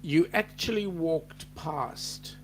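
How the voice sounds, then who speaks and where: An Australian man hosts a relaxed live-stream chat and reads out viewer comments as they come in. He talks slowly in a somewhat high voice, with plenty of fillers and asides. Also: a little hiss or hum. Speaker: host.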